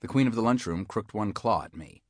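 Male audiobook narrator, low-ish voice, dry close read, hard-boiled wisecracking tone. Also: animated, fairly quick, slightly rough, no echo. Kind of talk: scripted first-person story narration.

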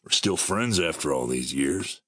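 A man's voice: a bass voice, lively intonation, measured pace, slightly rough, dry recording, clean studio sound, voice pushed down, exaggerated voice. A man voicing a hopeful, sheepish young male wasteland drifter, speaking in a mild, defensive way. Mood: subdued.

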